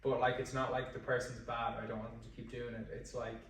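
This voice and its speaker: A man's voice: medium pitch, flat delivery, fast, a bit bright, slight background noise. Rambling Irish man in an echoey room. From Ireland. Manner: rambling, restarts sentences, heavy use of "like". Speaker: fitness coach and guest. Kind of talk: casual podcast conversation. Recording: very echoey room, distant mic.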